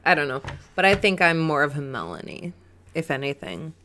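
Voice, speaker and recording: A woman's voice: low voice, sing-song, fairly quick, sharp tone, a little hiss or hum. A young adult woman co-hosting a casual podcast, reading chat comments with giggles and lots of ums and likes. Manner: giggly, rambling, many "um"s and "like"s.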